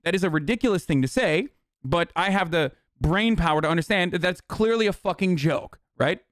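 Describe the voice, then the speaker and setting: A man hosting a live stream, reacting to clips in a fast, profane, rambling way. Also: high-pitched, animated, a bit bright, no room sound, clean studio sound. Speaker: streamer host.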